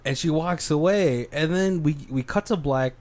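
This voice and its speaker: A man's voice: on the high side, moderate pace. Man animatedly recapping a movie. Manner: animated retelling, acting out characters' lines. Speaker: podcast co-host.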